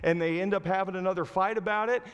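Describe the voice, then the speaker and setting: Male pastor, sermon, animated storytelling, slightly high voice, long church reverb. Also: fast talker. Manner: animated storytelling, acting out quoted lines; asks the congregation direct questions. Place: church sanctuary.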